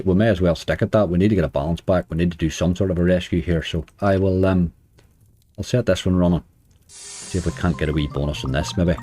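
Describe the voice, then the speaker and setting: A man with a deep, mellow voice gives loose, chatty commentary while he plays, muttering at the game and cheering it on. Faint music runs underneath. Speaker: slots streamer. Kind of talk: casual commentary over gameplay.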